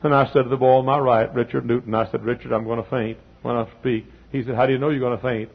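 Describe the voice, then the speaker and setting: A man preaching a sermon, telling stories that swell into loud peaks. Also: medium pitch, little pitch movement, fast, vocal fry, breathy edge, muffled recording. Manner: storytelling, swells to shouting peaks. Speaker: pastor.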